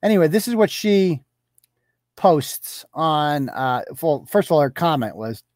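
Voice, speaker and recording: A man's voice: fairly high pitch, sing-song, unhurried, a little mellow, no echo, studio quality. A man hosting a live commentary show, talking in a sarcastic, profane, mocking way. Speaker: host.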